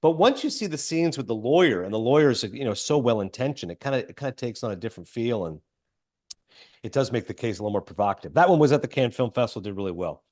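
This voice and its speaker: A man hosting a film podcast, casually retelling a movie plot with lots of fillers and quick quoted asides. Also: medium pitch, animated, darkish tone. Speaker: podcast host.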